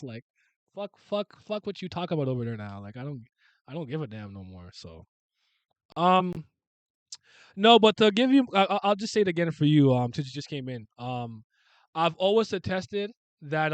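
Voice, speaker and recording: A young man from Canada chatting casually on a live stream, answering comments in an animated way and swearing freely. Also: on the high side, dry recording. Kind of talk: casual live reaction chat.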